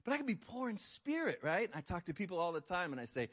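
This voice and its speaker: A man preaching a sermon to his congregation. He swings between quiet, serious asides and loud, high, mocking voices for effect. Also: huge pitch swings, fast, few pauses. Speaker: pastor.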